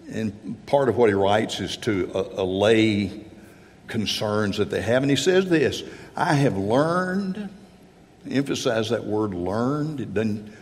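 A man preaching a sermon, slow and halting, with repeated words and stresses on key phrases. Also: on the low side, a little hiss or hum. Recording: long reverb of a large hall.

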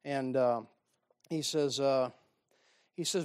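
A male pastor delivers a sermon in a fairly high voice. He tells folksy stories and slips in dry, sarcastic asides. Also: moderate pace.

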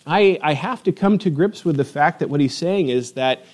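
A man preaching a sermon with a slightly high voice. He delivers it in an animated, emphatic way and keeps putting rhetorical questions to his listeners. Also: normal speed. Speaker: pastor.

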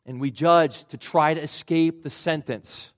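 A man preaching a sermon in an earnest way, his voice rising for emphasis and then dropping low and quiet. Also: measured pace. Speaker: pastor.

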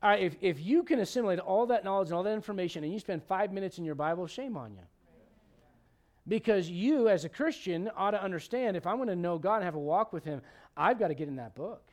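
A man with a high, light voice preaches in an animated, chatty way. He jumps between scripture and everyday asides, often restarting his sentences as he goes. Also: quick pace. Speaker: pastor. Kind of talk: sermon.

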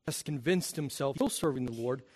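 A man preaching a sermon, swinging from hushed, quiet stretches to loud, impassioned appeals. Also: mid-range voice, a little fast, slightly rough. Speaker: pastor.

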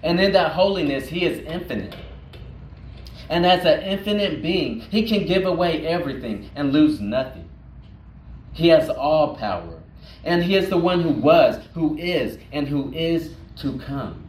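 Slow, emphatic preacher man in echoey hall. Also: a little high, expressive. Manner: slow and emphatic, repeating words for weight. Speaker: pastor. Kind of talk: sermon. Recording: roomy echo, distant mic, faint noise.

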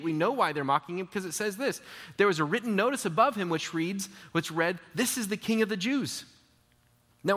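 Lively preaching man in a reverberant hall. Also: high-pitched, slightly rough. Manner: lively, conversational preaching with acted-out mocking quotes. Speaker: pastor. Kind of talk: sermon.

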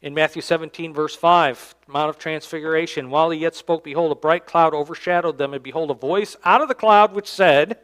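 High-voiced man preaching a dynamic sermon. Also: a little fast, hardly any pauses, clear, resonant tone. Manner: dynamic preaching, swings from loud emphasis to quiet, low endings; reads scripture aloud in King James wording. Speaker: pastor. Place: church sanctuary.

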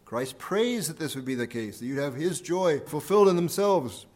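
A man's voice: fairly high pitch, lively intonation, moderate pace, few pauses, darkish tone. Man preaching an earnest sermon. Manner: earnest preaching, repeating key phrases for emphasis, volume rising and falling. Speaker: pastor. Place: church sanctuary.

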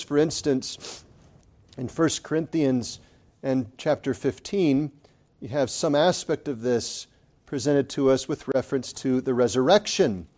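A man preaching to his congregation in an earnest, pleading sermon style. His voice sits somewhat high for a man, and he swells into impassioned emphasis before easing back to a quieter, teaching tone. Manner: addresses congregation as brethren.

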